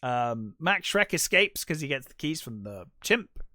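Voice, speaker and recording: A man with a bright, fairly high voice talks through a film scene by scene. He is a chatty podcast co-host, filling gaps with ums. The sound is dry and close, with no room around it. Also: big pitch swings, measured pace, no room sound. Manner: chatty retelling of movie scenes, lots of ums. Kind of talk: casual film discussion.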